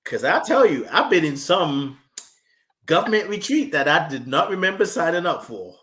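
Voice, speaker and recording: A man guest talking reflectively in a conversation, expressive and animated, slipping into emotional stories. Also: a little high, moderate pace, echoey room, slight background noise.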